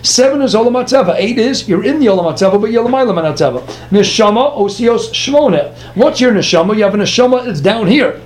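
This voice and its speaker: A man teaching a Talmud lesson, firing off rhetorical questions and answering them himself. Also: high-pitched. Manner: animated, rhetorical questions, quick asides. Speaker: Torah teacher. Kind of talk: Talmud lecture.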